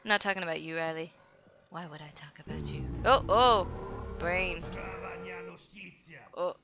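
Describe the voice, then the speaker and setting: A woman's voice: sits low, fairly even intonation, normal speed, vocal fry, muffled recording, over music. A young woman giving goofy, playful commentary while playing a video game, chatting to herself and the game. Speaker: let's play gamer. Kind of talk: casual gameplay commentary.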